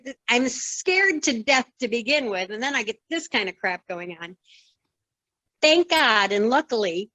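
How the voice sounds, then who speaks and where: Older woman telling a lively story. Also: on the high side, no room sound, rough recording. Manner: lively storyteller who acts out quoted dialogue. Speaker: former wrestling referee, interview guest. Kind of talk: conversational storytelling.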